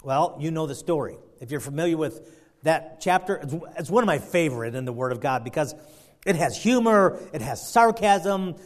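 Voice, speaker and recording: A man's voice: fairly high pitch, expressive, moderate pace. A man preaching a sermon, retelling a story in a folksy, rambling way. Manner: folksy, storytelling, many fillers and restarts.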